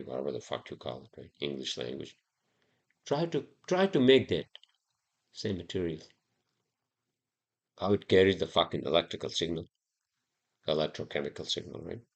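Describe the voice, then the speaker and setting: A man with a deep voice rants through his solo podcast, cursing constantly. His delivery rises and falls dramatically as he wanders from thought to thought. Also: sing-song, moderate pace, pauses often, slightly rough. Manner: rambling, profane, heated ranting. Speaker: podcast host.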